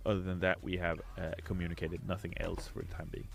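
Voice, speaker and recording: Low-voiced man answering questions, measured. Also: little pitch movement, vocal fry. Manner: measured, hesitant with fillers. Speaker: game studio representative. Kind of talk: answering viewer questions on a stream.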